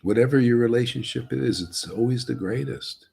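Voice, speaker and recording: A man's voice: medium pitch, normal speed, vocal fry, few pauses, darkish tone, breathy edge. A man giving an informal, emphatic spiritual talk to a group, folksy and chuckling, often asking "see?". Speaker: spiritual teacher.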